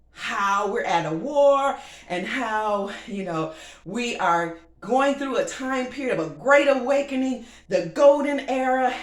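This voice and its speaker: A woman hosting her own show, delivering a sassy, animated monologue and laughing often. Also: a little high. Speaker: show host. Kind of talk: casual talk-show monologue. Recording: roomy echo.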